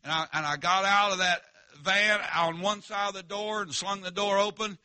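A man's voice: high voice, steady tone, moderate pace, bright, forceful tone, no echo. A male preacher, telling a story in a revival sermon in a folksy, emphatic way and calling out to the congregation.

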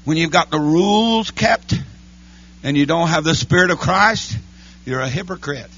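A man preaching a holiness church sermon, chanting his lines between breathy "uh, amen" beats. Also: a little high, moderate pace, fairly bright tone, dull audio. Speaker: pastor. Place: church sanctuary.

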